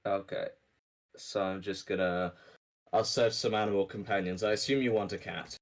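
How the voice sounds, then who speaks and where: A man acting as game master on an online call, relaxed and teasing, rambling through rules. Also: lowish voice, normal speed. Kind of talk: casual online tabletop session chat.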